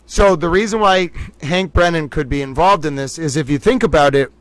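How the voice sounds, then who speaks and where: A man's voice: fairly high pitch, fairly quick, no room sound. A man hosting a livestream, thinking aloud, exclaiming and laughing as he reacts live to news. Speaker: livestream host. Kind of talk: excited live reaction commentary.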